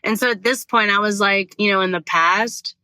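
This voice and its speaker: Bright-voiced woman telling a rambling story. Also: medium pitch, moderate pace, clean tone, no echo. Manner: rambling, expressive, swears freely, self-correcting. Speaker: podcast host. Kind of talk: casual storytelling monologue.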